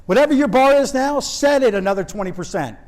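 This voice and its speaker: Man, high-pitched voice, motivational keynote speaker, storytelling, repeats lines for emphasis. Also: lively intonation, fast, darkish tone, poor audio. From Louisiana, US. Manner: storytelling, addresses the audience directly, repeats phrases for emphasis. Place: stage before a live audience.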